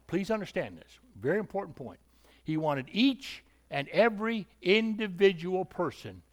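A male preacher giving an emphatic sermon, repeating points and asking rhetorical questions. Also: fairly high pitch.

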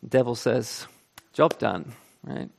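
A man's voice: medium pitch, slow pace, gravelly. Earnest man preaching a sermon. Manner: earnest, emphatic scripture reading and conversational preaching. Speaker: pastor.

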